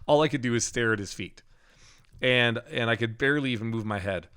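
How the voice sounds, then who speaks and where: A middle-aged man telling a personal story in loose, conversational podcast talk. His voice sits at an ordinary middle pitch, and he laughs often and breaks off into halting restarts as he goes. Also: fairly bright tone, clean tone. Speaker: podcast co-host. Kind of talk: casual storytelling.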